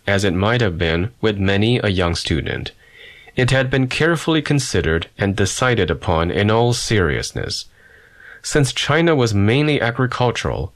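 A man with a fairly low voice reads a first-person memoir as an audiobook narrator. His delivery is measured and storytelling, steady from line to line.

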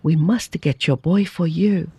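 A reader voicing a keen young male lawyer who talks in a brisk, persuasive way, in a storybook reading. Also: medium pitch, dark tone, breathy edge. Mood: smooth-talking.

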